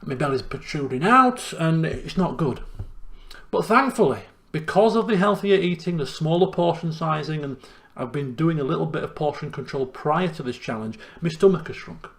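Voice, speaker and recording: Chatty gravelly-voiced man vlogging. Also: on the high side, normal speed. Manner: chatty and self-deprecating, lively ups and downs. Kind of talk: casual diary vlog.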